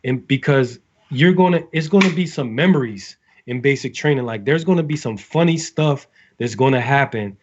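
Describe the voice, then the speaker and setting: A man's voice: mid-range voice, normal speed, hardly any pauses, muffled recording, a little hiss or hum. A man, a navy sailor, giving casual advice to recruits, talking in a rambling way with many fillers and restarts.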